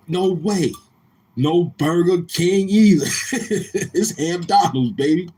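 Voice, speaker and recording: A man hosting a live stream, teasing and roasting a viewer in loud casual banter and often breaking into laughter. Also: high-pitched, takes it slowly, slight background noise.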